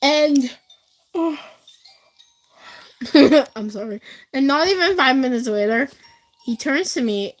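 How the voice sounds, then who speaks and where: A woman's voice: sits high, expressive, slow pace, pauses often, low-quality recording. A teenage girl livestreaming, telling school stories to her chat in a rambling, casual way, full of fillers. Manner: chatty, rambling, many fillers, speaks straight to chat. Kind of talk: casual storytelling to a live chat.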